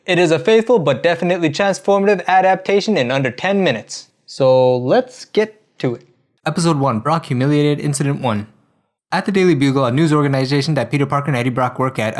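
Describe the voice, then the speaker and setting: A man narrating a comedic parody recap of a cartoon in a casual, slangy way. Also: fairly high pitch. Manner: casual slangy delivery, jumping between quick voices.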